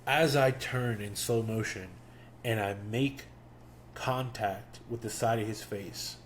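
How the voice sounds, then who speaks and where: Young guy on his podcast telling a story, slow and drawn out, bit of faint room noise. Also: lowish voice. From Miami. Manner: animated, profane storytelling with acted-out quotes. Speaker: podcast host. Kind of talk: casual storytelling.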